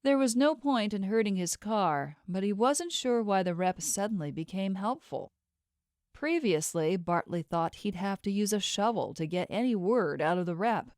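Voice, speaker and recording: A woman reading a novel aloud as an audiobook narrator, in steady, even storytelling. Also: on the low side, no room sound, studio quality. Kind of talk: scripted narration.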